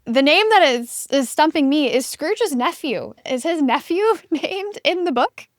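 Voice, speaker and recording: A woman co-hosting a casual book podcast, chatty and reflective, speeding up when excited. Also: high-pitched, measured pace, no echo, studio quality. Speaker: podcast co-host.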